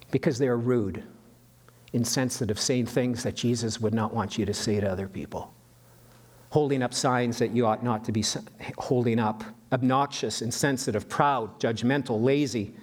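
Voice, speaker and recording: A pastor from western Canada preaching a sermon in a lively, animated way, often restarting and repeating his words. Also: medium pitch.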